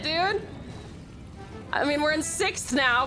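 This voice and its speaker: A young woman streaming a racing game, excitable and giggly, chatting with viewers and swearing loudly when she loses. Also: high-pitched, slow, long pauses, over music. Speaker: VTuber streamer. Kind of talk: casual gaming stream commentary.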